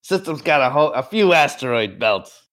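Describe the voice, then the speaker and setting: A man running a tabletop game, briefing the players in a relaxed, rambling way while a bit under the weather. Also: mid-range voice, moderate pace. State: a bit sick, clearing throat. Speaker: game master. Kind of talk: voicing a military chief in a tabletop game.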